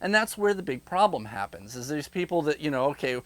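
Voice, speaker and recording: Man, political monologue, rhetorical, animated, highish voice, dry close sound. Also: brisk, hardly any pauses, dry recording. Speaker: political commentator. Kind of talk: direct-to-camera political monologue.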